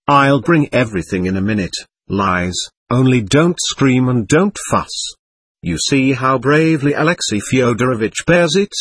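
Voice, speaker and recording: A man's voice: medium pitch, expressive, normal speed, breathy edge, no echo. A man reading the part of a fussy, anxious middle-aged mother who speaks fretfully.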